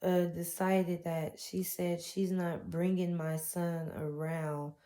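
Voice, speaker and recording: A young woman speaks slowly in a fairly low, mellow voice with little pitch movement. She tells her own painful story as a raw, heartfelt, emotional testimony, her grammar casual in a Southern way.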